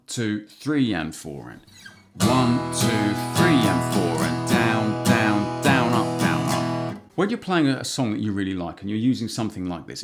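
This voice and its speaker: A man teaching guitar strumming patterns, relaxed and counting beats aloud as he plays. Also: fairly low pitch. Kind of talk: instructional guitar lesson. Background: acoustic guitar strumming.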